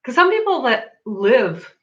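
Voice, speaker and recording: A woman's voice: a little high, very animated, a little slow, a bit bright, lo-fi sound. A woman from Massachusetts with a local accent between Boston and Rhode Island, chatting casually on a livestream, reading comments, laughing often and filling her talk with "like". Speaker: livestream host.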